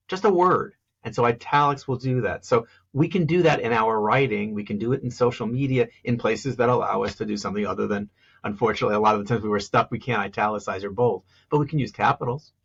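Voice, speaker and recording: A man of middle pitch with a husky, slightly rough voice, talking as a public speaking coach in a podcast interview. He explains with animation and keeps acting out example phrases to show where the stress falls. The audio sounds dull and lo-fi. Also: quick pace.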